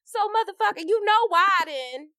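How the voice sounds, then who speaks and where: Thirties woman, podcast co-host, swears and laughs a lot, animated pitch, dry close sound. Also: moderate pace, no echo. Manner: profane, laughing storyteller. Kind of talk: casual chat.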